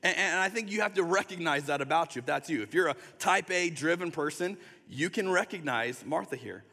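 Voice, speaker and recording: Pastor with a bright voice in a reverberant hall. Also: male voice, on the high side, lively intonation. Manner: conversational, acts out quick voices, drops to soft tender tones. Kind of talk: sermon.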